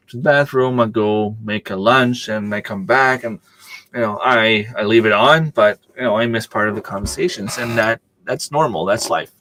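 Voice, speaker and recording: A man chats loosely on a live stream, rambling from one story to the next and replying to viewers' comments. His voice sits a little low, and the sound is close and dry with almost no room around it. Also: pushed and bright, no room sound. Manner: rambling, chatty, answers viewer comments aloud. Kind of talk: casual live-stream chat.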